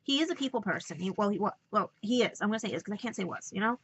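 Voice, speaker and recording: A woman's voice: medium pitch, animated, rapid-fire, heavy background noise. A woman with a New York accent talking emotionally in a rambling personal vlog, holding back tears. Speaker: vlogger.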